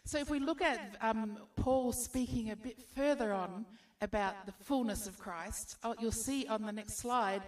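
A woman's voice: a little high, measured pace, hardly any pauses, distant mic. A woman preaching a sermon, encouraging her listeners with rhetorical questions.

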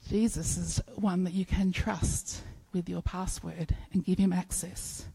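A woman preaching a sermon, telling stories in an animated way and acting out playful bits of dialogue. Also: lowish voice, slightly rough, poor audio.

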